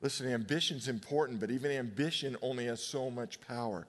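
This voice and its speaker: Fifty-something pastor in a reverberant hall. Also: male voice, medium pitch. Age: 50s. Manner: conversational preaching with personal stories and slow emphatic pauses. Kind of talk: sermon.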